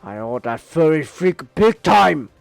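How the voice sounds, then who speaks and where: A man reads as a gloating robot crocodile warden who lords it over his captives in a comic reading. The voice sits a bit high and is recorded dry and close. Faint music plays behind him. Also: sing-song, measured pace, vocal fry, no echo, full character voice. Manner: gloating villain monologue read aloud. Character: boastful male robot crocodile prison warden. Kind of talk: comic read aloud by a streamer.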